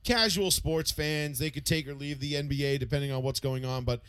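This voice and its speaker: A man's voice: fairly high pitch, brisk, a bit bright, clean tone, no room sound. A man hosting sports talk radio, running the segment and reading out the call-in number in a rambling, conversational way.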